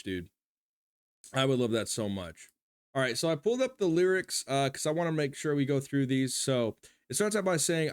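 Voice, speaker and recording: A man who is a youth pastor, giving excitable reaction commentary with many exclamations, then reflecting as he reads lyrics aloud. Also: mid-range voice. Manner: excitable, exclaims often, says "dude" and "bro".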